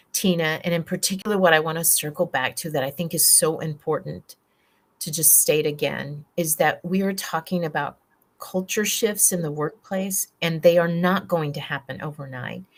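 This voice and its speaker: A woman speaking on a workplace wellbeing panel, earnest and emphatic as she builds on what others have said. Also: lowish voice. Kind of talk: panel discussion.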